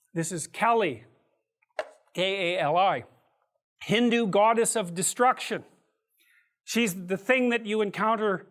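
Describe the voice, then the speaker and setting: A man lectures in a high voice. He tells a story with vivid asides and often restarts his phrases. He is speaking to a room of students. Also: fairly bright tone. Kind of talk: university lecture.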